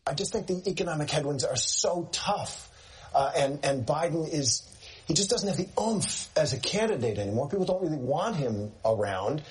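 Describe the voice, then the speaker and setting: A man commenting on politics in a played news clip, speaking haltingly with restarts. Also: fairly high pitch, animated, slight background noise. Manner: halting, hesitant.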